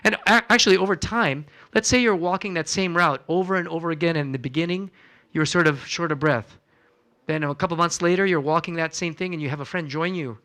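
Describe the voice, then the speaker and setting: A man presents a wellness seminar as a physician, talking casually to a church audience. He keeps the room involved with questions and plays out little chats with patients. His voice sits a little on the high side. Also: fairly quick, bright, forceful tone. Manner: conversational, quizzes the audience, acts out patient chats. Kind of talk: health lecture to a live audience. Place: church hall.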